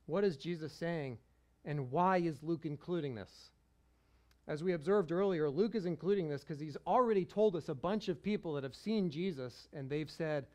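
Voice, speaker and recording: A man's voice: a little high, moderate pace, a little mellow. A male pastor preaching a sermon in a conversational way, often chuckling.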